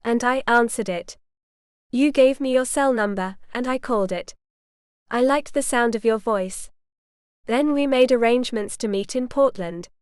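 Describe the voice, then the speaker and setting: A man's voice: very high-pitched, moderate pace, clean tone, no room sound. Teasing young doctor guy hamming up a fake southern drawl , a lady reads him, clean dry voice. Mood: scheming.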